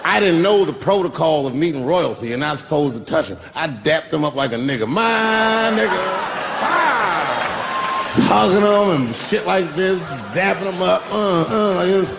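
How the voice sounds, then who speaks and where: A man telling a profane, animated stand-up story and acting out the people in it. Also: on the high side, normal speed, gravelly, long reverb tail, a crowd in the background, background noise. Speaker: stand-up comedian.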